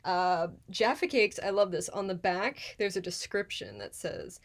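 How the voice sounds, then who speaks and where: A woman hosts a live cooking stream from her apartment kitchen, talking in a loose, chatty, rambling way and greeting viewers by name. Her voice sits at a middle pitch. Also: big pitch swings, moderate pace, hardly any pauses. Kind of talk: casual live-stream chat.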